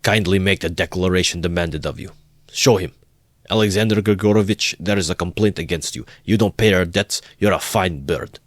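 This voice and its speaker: A man voicing an indignant, easily offended police officer who shouts his lines in a storybook reading. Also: low voice, normal speed, dry recording, studio quality. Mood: blustering.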